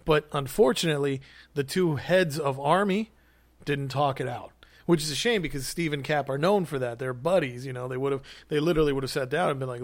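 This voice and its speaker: A man's voice: on the high side, brisk, dry recording. Talkative man, rambling podcast chat. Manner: rambling, filler-heavy, animated when teasing. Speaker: podcast co-host.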